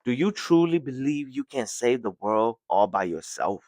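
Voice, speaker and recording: A stern older archery master speaks in a measured, solemn way, as a man reads his lines aloud. The voice sits at an ordinary middle pitch. It is recorded close and dry, with almost no room sound. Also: very animated, a little mellow, dry recording, close to an everyday voice.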